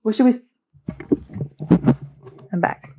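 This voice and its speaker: A woman's voice: slow, a little mellow. A young woman co-hosting a podcast, giggly and playful in casual chat. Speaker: podcast co-host.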